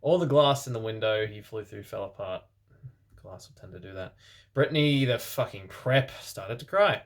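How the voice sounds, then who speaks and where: A man reading fan fiction aloud for comedy as host, breaking off for deadpan, sarcastic asides. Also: lowish voice, normal speed. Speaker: reader and host.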